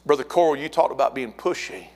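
A middle-aged pastor delivers a fiery sermon at a fast pace in a medium-pitched voice, building up until he shouts repeated words.

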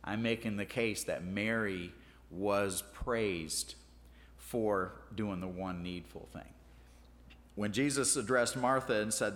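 A man's voice: on the low side, moderate pace, fairly bright tone, long reverb tail. A man preaching a sermon in a folksy, self-deprecating way, often restarting his words. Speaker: pastor.

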